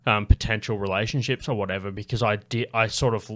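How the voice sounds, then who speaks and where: A man's voice: fairly low pitch, fairly even intonation, fast, fairly bright tone. A man in casual podcast chat, rambling with lots of fillers and restarts and frequent swearing. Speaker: podcast guest.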